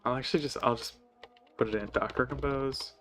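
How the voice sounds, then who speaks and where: Live coding, a sleepy, yawning man mutters through his code, hesitating and correcting himself as he thinks aloud. He has a medium-pitched, fairly even and fairly bright voice, and talks briskly. There's slight background noise.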